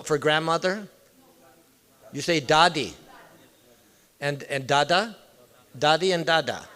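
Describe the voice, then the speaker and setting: This man's voice is a little high and a bit bright. As a visiting temple speaker, he gives a casual devotional talk in the hall, conversing with and questioning those listening.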